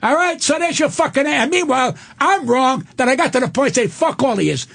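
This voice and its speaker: An older man, a comedian guest in a radio studio, ranting loudly and profanely and acting out the people in his stories. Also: extremely high pitch, gravelly. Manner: loud, profane, rapid-fire storytelling with acted-out quotes. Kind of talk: angry radio rant and storytelling.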